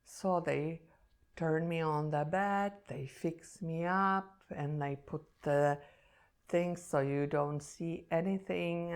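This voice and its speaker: A woman who teaches meditation, telling a personal story in an earnest, emotional and reflective way. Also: medium pitch.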